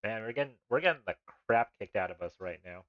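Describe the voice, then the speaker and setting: Low-voiced rambling streamer man. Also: expressive, fast talker, no echo, phone-quality sound. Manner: rambling asides with laughs and restarts. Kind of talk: live-streamed text adventure, reading and commenting.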